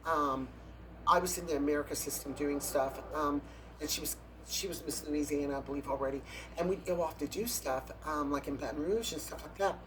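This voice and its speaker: A man's voice: fairly high pitch, brisk, crowd noise. A man, a drag performer, telling catty backstage stories in a casual, gossipy interview, breaking into laughs and gasps.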